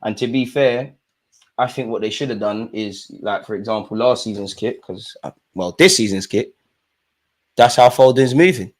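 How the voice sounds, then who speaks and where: Excitable young man calling a match. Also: lowish voice, normal speed. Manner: excitable, shouts at the referee, casual slang. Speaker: live watch-along host. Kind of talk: live football watch-along commentary.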